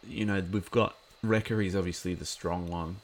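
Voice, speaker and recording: A man's voice: low-pitched, fairly even intonation, normal speed, slight background noise. A man giving a casual watch-along commentary of an episode, chatty and rambling with lots of filler words.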